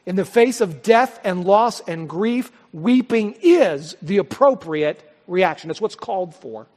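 A male pastor preaching a sermon, swelling to loud, high peaks and then dropping to soft, quiet lines. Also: lively intonation, measured pace. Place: church sanctuary. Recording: long hall reverb.

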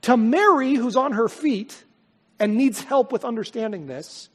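Male pastor, high husky voice, emphatic preacher who swings from loud to hushed, long hall reverb. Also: lively intonation, measured pace. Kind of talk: sermon.

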